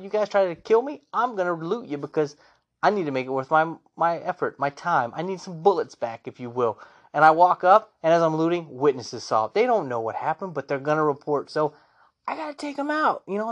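A man with a fairly high voice hosts a casual gaming show. He tells his playthrough stories with lively enthusiasm, and his voice jumps up when he gets excited. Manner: animated, enthusiastic storytelling. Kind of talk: casual solo gaming talk.

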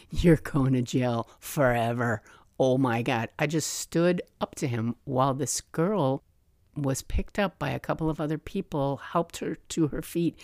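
A woman hosting her own podcast, telling a personal story in a lively way and acting out the voices she remembers. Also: a bass voice, dry recording, clean studio sound. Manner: animated, acts out remembered voices. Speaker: podcast host.

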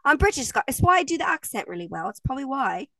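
Chatty woman with a gravelly voice. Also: high-pitched, sing-song, quick pace, a bit bright, no room sound, far from the mic. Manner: chatty, laughs often, swears casually. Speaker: podcast co-host. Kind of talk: casual chat.

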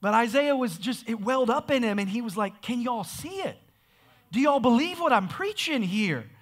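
A man preaching a sermon with energy, often repeating words as he restarts and building up to shouts. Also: very high-pitched, expressive, moderate pace. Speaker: pastor.

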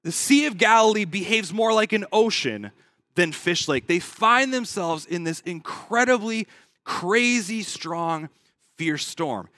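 A man preaching a sermon as pastor, dramatically acting out anxious pleas to God before dropping back to a quiet, searching tone. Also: sits high, animated, unhurried, dry recording, clean studio sound. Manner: dramatic, acts out quoted pleas with rising intensity.

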